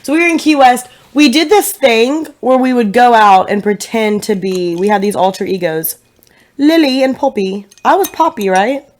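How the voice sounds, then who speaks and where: A woman's voice: fairly high pitch, expressive, normal speed, few pauses. A woman in her twenties from Tennessee, co-hosting a casual podcast and talking in a chatty, playful way with frequent laughs. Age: 20s. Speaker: podcast co-host. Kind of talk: casual chat.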